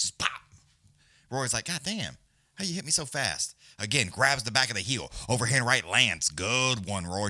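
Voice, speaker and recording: A man's voice: medium pitch, bright, forceful tone, no echo, studio quality. A man giving loose, profane, casual live fight commentary as a companion-stream host. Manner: profane, blunt, loose, Southern-leaning slang.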